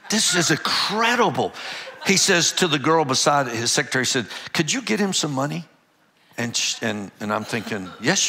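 An older man, a pastor, telling a lively personal story and acting out the dialogue with laughs. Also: a little high, background noise. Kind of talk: storytelling testimony.

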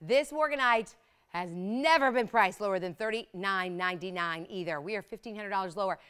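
A woman hosting live jewelry sales, talking in fast, excited hard-sell patter. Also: medium pitch, smooth. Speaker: shopping channel host.

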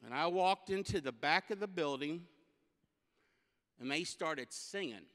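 A man giving a guest sermon as an animated, comic storyteller. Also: a little high, a little slow. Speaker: guest speaker. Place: church sanctuary. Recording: long church hall reverb.

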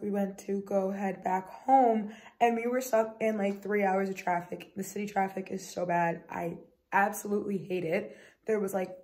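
A woman's voice: medium pitch, dry recording, rough recording. A woman chatting casually to camera as a vlogger, goofy and chatty, often dropping into a whisper. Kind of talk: casual vlog chat. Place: outdoors by a pond.

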